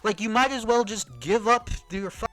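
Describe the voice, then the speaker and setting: A man ranting in a reaction commentary, heated and profane, swinging from shouts to mutters. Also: sits high, moderate pace, faint music behind, poor audio. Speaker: commentary streamer.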